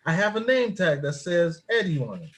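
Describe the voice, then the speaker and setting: A man's voice: sits high, big pitch swings, moderate pace. A man who drives an airport shuttle bus, telling jokey work stories in casual chat and laughing often at his own wordplay.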